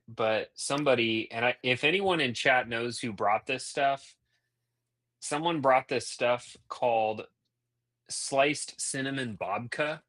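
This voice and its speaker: A man with a bright, forward voice co-hosts a casual live stream. He chats easily and laughs often, with a middling pitch. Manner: chatty, easygoing, laughs often. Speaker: co-host.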